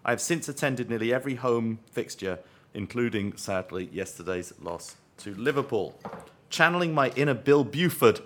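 A man's voice: medium pitch, expressive, normal speed. A man hosting a podcast, reading listener mail in a dry, wry way and often laughing. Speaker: podcast host.

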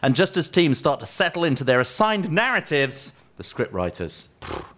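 A man's voice: a little high, very animated, normal speed, a bit bright. A man co-hosting a football podcast, talking in a playful, mock-grand way with frequent asides. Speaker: podcast co-host. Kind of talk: comedic football podcast chat.

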